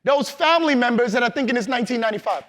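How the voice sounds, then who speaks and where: A motivational speaker with a very high voice delivers a live training talk in a large event hall. Loud, hyped and racing along, he urges the audience to shout back and laughs between points.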